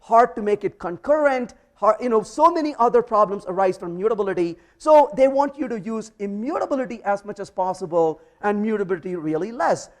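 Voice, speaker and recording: Casting: male tech speaker, very lively pitch, emphatic and playful, live coding demo. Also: brisk, few pauses. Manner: energetic, emphatic, playful asides. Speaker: conference speaker teaching programming. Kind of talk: live technical presentation with code demo.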